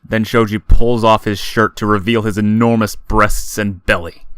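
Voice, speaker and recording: A man's voice: fairly low pitch, flat delivery, moderate pace, a bit bright, smooth, no echo. A man reading a story aloud as a hobby audiobook narrator. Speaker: audiobook reader.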